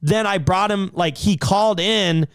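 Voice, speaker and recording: High, dry-voiced man hosting a stream. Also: measured pace, smooth, no room sound. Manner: rambling, profane storytelling. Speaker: livestream host. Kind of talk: casual livestream argument.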